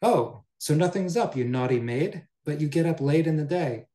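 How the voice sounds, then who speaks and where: A man voicing an irritable housewife who scolds her maidservant with sharp questions. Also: fairly high pitch, expressive, moderate pace, voice pushed up, close to an everyday voice. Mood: scolding. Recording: roomy echo.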